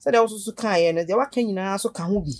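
A woman's voice: medium pitch, quick pace, no echo. A woman hosting a radio talk show, often affirming and repeating her guests' words. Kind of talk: casual chat.

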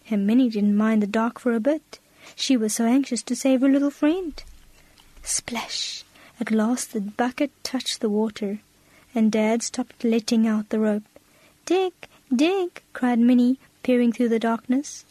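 A woman storyteller gently and expressively reading a children's story on the radio. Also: fairly high pitch, no room sound, poor audio. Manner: gentle, expressive, drops to a whisper for suspense.

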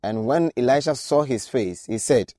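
A man's voice: mid-range voice, normal speed, mellow, no room sound, clean studio sound. A man preaching a radio sermon, exhorting his listeners with repeated direct appeals.

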